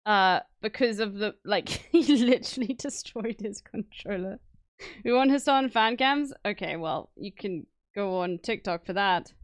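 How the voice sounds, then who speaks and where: A woman's voice: mid-range voice, a little slow, no room sound, studio quality. A young adult woman streamer chatting casually to her viewers, laughing often and using loose filler words.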